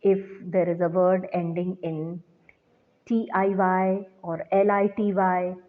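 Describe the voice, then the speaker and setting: A woman teacher giving a recorded lecture, explaining slowly and deliberately to students. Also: fairly low pitch, little pitch movement. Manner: slow, deliberate classroom explanation. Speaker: English teacher. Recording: tinny phone-like sound.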